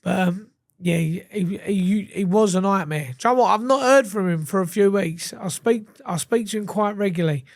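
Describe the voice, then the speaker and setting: Blunt, swearing Londoner telling stories. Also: male voice, sits high, normal speed, hardly any pauses, dry recording. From England. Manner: blunt, swearing, animated storytelling with repeated restarts. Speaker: podcast guest. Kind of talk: casual chat.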